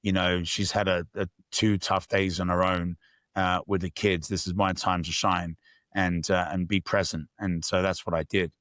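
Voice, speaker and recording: Deep-voiced man, candid and reflective. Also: little pitch movement, normal speed, a bit bright, no room sound, studio quality. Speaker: podcast guest. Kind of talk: casual interview storytelling.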